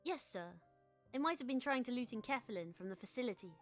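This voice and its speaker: A woman voicing a game underling making a brisk, deferential report. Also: on the high side, expressive, soft background music, lightly acted. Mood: dutiful. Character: dutiful underling reporting to a superior.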